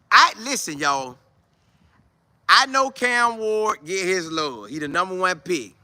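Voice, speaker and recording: A man hosting a loose football talk show, his voice high and strikingly bright. He talks in slang and breaks into little impressions of players' banter. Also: no room sound. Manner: animated, slangy, acts out players' chatter. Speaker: sports show host. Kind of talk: casual sports talk.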